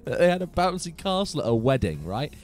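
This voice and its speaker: A man hosting a casual gaming live stream from his home computer room, chatty and animated, laughing often. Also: on the high side, brisk.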